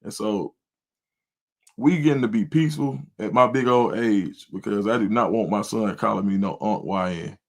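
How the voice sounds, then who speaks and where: A middle-aged man, a volunteer youth football coach and show host, tells a story in casual livestream chat. He speaks at normal speed in a creaky voice, which gets loud and high whenever he quotes himself.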